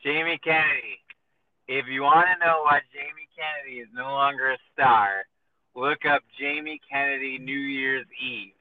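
A man's voice: mid-range voice, steady tone, normal speed. Rambling, swearing man on a tinny line. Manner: rambling storyteller, swears freely, acts out quoted voices. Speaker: podcast host. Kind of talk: casual chat. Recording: tinny lo-fi phone-like sound with faint noise.

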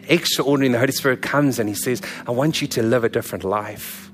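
Guy pastor preaching a sermon, frank and chatty, soft music underneath. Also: medium pitch, fast talker, few pauses. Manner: earnest, candid, conversational preaching.

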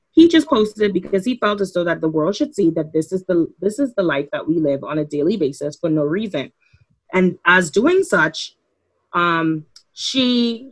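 A woman's voice: on the low side, fairly bright tone, breathy edge, low-quality recording. A woman co-hosting a podcast who makes her points emphatically in casual discussion. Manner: emphatic, opinionated. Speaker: podcast co-host.

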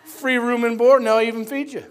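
High-voiced man preaching with dramatic swings. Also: flat delivery, a little fast, a faint crowd. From upstate New York. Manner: dramatic, swings from hushed to shouting. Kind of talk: sermon storytelling.

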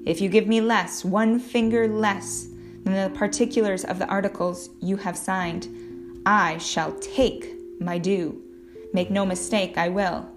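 A woman's voice: mid-range voice, steady tone, unhurried, lightly acted. Woman reading a stern ship captain. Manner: firm, cold and commanding. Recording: guitar music playing underneath.

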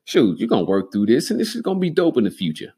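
A man hosting a solo podcast, rambling and cursing freely, sometimes getting excitable. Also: mid-range voice, fast talker, slightly rough. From Denver, Colorado. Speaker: podcast host. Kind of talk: solo casual podcast monologue.

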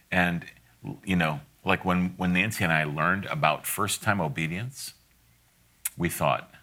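A man's voice: sits low, sharp tone. A middle-aged man giving a conversational sermon, folksy and direct, with asides and frequent laughs.

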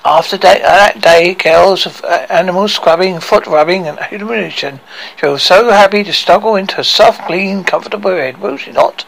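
A man's voice: high voice, normal speed, vocal fry, fairly bright tone, exaggerated voice, rough recording. A man reading a story aloud and voicing a cruel, gloating female villain queen with a theatrical, cackling manner.

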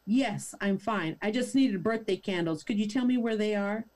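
A woman reading a deadpan sarcastic man. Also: medium pitch, moderate pace, lightly acted. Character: dry, sarcastic man shopper.

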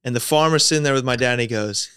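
A man's voice: mid-range voice, racing, a bit bright, a little hiss or hum. A man from rural Maryland chatting casually, drawling and full of "like" fillers. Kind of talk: casual chat.

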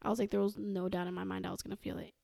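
A young woman telling a story as a podcast guest, animated and quoting herself and others. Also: mid-range voice, racing, vocal fry, dry recording, studio quality. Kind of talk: casual storytelling.

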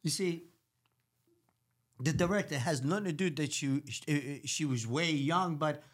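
Loud-mouthed new york italian guy telling stories, voice a bit high, acts out every quote. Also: a little slow. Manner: brash, profane, acts out quotes with big voices. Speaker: celebrity hair stylist guest. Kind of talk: animated storytelling.

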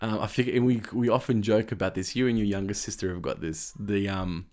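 A man's voice: on the low side, steady tone, brisk, a little mellow. A man, chatting casually as a podcast co-host, rambling and repeating words. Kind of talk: casual chat.

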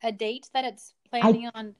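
A woman's voice: on the high side, flat delivery, normal speed. A woman hosting an interview, chatty and encouraging toward her guest. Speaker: host. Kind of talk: casual interview.

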